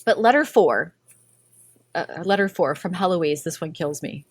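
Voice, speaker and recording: Chatty woman podcast host, low voice. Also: expressive, unhurried, slightly rough, dry recording. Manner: giggly, chatty, lots of "like" fillers. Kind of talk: casual storytelling chat.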